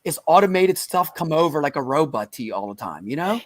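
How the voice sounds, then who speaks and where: A man hosting a recruiting talk show in casual chat, talking with emphatic, excitable energy over a video call. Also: a little high, fairly quick, no room sound, studio quality.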